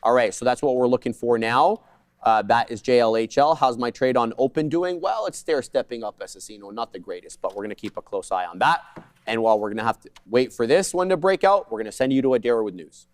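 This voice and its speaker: A man co-hosting a live day trading show, calling trades in quick jargon with joking asides. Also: medium pitch, animated, no echo.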